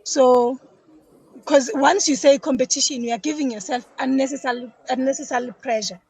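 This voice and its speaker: A woman's voice: high voice, steady tone, fairly quick, a little mellow, breathy edge, low-quality recording. A South African woman explaining detergent making as a podcast guest, chatty, often repeating words. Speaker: business guest, detergent maker. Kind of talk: casual podcast interview.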